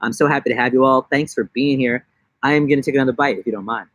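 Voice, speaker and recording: A man's voice: quick pace, dry recording, highs cut off. Jokey young man live-streaming outdoors. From New York. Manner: jokey, rambling, slips into silly high-pitched voices. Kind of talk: casual live-stream chat. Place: outdoors in a backyard.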